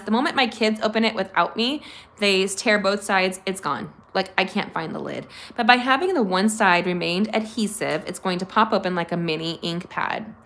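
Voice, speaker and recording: A craft channel host, a middle-aged woman, chats her way through a live card-making tutorial in her home craft room. Her medium-pitched voice has a fairly bright tone as she raves about supplies and addresses viewers straight on.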